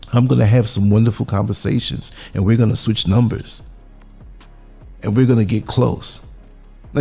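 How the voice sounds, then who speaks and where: A man's voice: mid-range voice, vocal fry, dark tone. A man from the United States giving a reflective podcast monologue, earnest and musing, putting questions to the listener.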